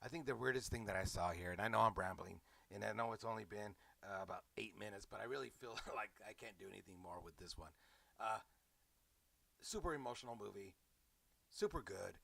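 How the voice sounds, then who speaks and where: A man's voice: fairly low pitch, brisk, gravelly, bright, forceful tone, no room sound. A man giving a rambling, sarcastic comedic movie recap, mocking the fans. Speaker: movie reviewer.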